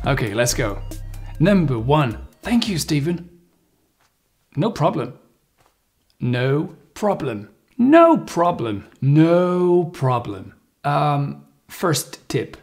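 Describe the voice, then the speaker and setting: A man's voice: fairly high pitch, vocal fry, darkish tone. A man giving an English lesson as the teacher, playfully acting out phrases with exaggerated intonation. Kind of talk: video lesson.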